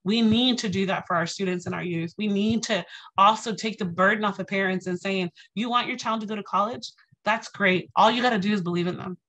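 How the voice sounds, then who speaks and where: A woman giving an inspirational lecture, telling lively stories and acting out the voices of people she quotes, with lots of "you know" and "right". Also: mid-range voice, a little fast, low-quality recording. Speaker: speaker.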